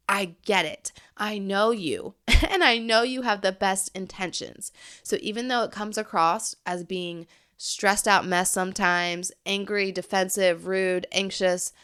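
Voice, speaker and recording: A woman's voice: mid-range voice, fairly bright tone. Earnest woman hosting a podcast. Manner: earnest, encouraging, addresses listeners directly. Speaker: podcast host. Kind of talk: heartfelt solo podcast talk.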